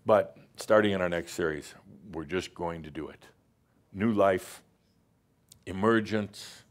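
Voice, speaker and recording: A man with a lowish voice delivers a channeled spiritual address to a gathered group. He talks emphatically, fires off rhetorical questions, stumbles into restarts and slips in playful asides. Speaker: spiritual teacher speaking to a live group. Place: gathering room with online audience.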